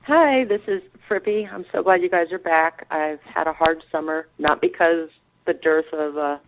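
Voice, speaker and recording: Woman caller, earnest and hesitant, deep voice, phone-line sound. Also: normal speed, slight background noise.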